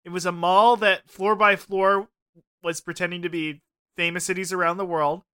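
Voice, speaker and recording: A man's voice: high voice, level tone, normal speed, bright, forceful tone, smooth. A young man co-hosting a podcast, rambling and joking in casual chat, swearing freely. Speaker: podcast co-host.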